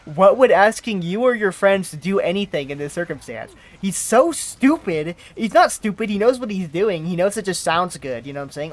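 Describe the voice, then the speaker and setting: High-voiced exasperated male commentator. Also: animated, fairly quick, hardly any pauses. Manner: exasperated, mocking, says "bro" a lot. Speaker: commentary host. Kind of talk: reaction commentary.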